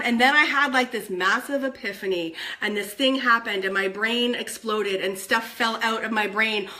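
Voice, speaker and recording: A woman giving a motivational vlog to camera as an online network marketing coach, bubbly and animated, openly excitable as she talks. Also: sits high.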